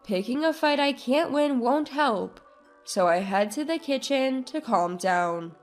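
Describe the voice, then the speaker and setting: Female narrator, high voice, slow measured story reading, faint music bed. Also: animated. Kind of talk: scripted first-person story narration.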